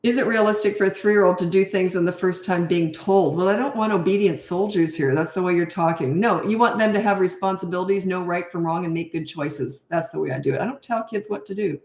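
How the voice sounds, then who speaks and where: A woman's voice: lowish voice, a little fast, hardly any pauses, a little mellow, reverberant. An older woman coaching parents, answering viewer questions in a blunt, emphatic way and repeating her key points.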